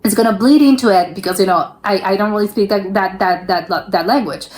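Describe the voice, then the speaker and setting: A woman's voice: mid-range voice, a little fast, a little mellow. A young woman from South America hosting a reaction video, giving her opinions in a rambling casual chat full of restarts. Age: young adult.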